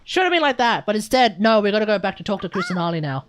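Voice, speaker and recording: An Australian woman streaming a game live, chatting excitedly and talking to her viewers. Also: mid-range voice, quick pace, a little hiss or hum. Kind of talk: live gameplay commentary.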